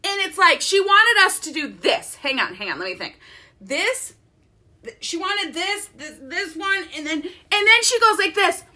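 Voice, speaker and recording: Bright, lively woman telling stories. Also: extremely high pitch, measured pace. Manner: animated, laughing, chatty storytelling. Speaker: network-marketing business leader and vlogger. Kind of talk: casual vlog storytelling. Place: home office.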